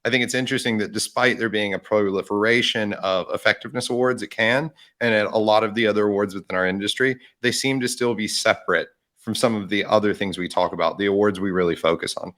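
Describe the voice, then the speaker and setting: A man's voice: on the low side, steady tone, fast talker, hardly any pauses, a bit bright. A man co-hosting a podcast in casual chat, thoughtful and hedging his points. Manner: thoughtful, hedging with "I think" and restarts. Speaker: podcast co-host.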